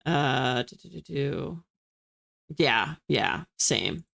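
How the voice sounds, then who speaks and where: A young woman from the US East Coast hosts a livestream, casually reading comments and being self-deprecating. She has a bass voice with lively intonation, drawn-out words, vocal fry, and a bit of brightness.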